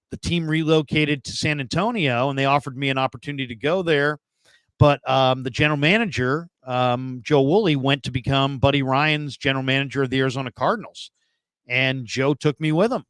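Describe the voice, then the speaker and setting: Man in his fifties, middle pitch, rambling anecdotal guest with lots of fillers. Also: a bit bright, clear, resonant tone, no room sound. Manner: rambling, many fillers and restarts. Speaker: guest, former NFL scout turned radio host. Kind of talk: casual storytelling interview.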